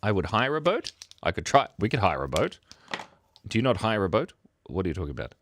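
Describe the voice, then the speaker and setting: Middle-aged Australian man, low voice, quiet and playful, lots of laughs, casual stream host. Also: very animated, a little fast, slight background noise. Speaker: livestream host. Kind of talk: casual chat reading viewer comments. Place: home, early morning. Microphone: microphone worn near the beard.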